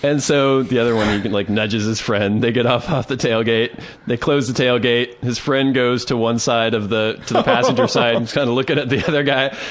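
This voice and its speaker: A podcast co-host telling a funny story, acting out both sides of the talk. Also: male voice, medium pitch. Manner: animated, quick to act out both sides. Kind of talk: casual storytelling.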